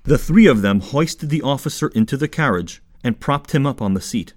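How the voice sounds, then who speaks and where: A man narrating a story in clear, expressive scripted audiobook style. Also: mid-range voice, normal speed.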